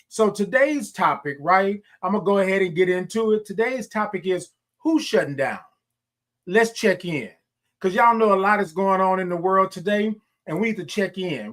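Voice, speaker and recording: Greeting his viewers by name and addressing them as y'all, this livestream host draws his hellos out into long sung notes during a cheerful morning chat. His voice is high and fairly bright.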